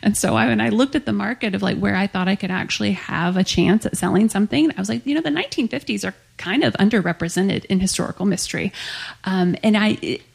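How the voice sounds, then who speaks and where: A woman's voice: mid-range voice, quick pace, gravelly, husky. A woman author in her thirties, chatting animatedly in an interview, filling with frequent "like"s. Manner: chatty, animated, lots of "like" fillers. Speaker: author guest. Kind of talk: casual interview chat.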